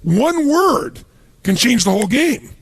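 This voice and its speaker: A man giving a motivational seminar talk to a live audience, telling stories with punchy, animated emphasis and a gravelly, raspy voice. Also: very high-pitched, measured pace, no echo. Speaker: motivational speaker.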